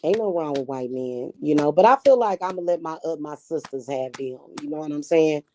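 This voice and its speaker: A woman's voice: deep voice, a little fast, darkish tone, a little hiss or hum. A woman talking casually to camera, brash and profane, about witchcraft and spirit work. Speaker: spiritual reader and vlogger.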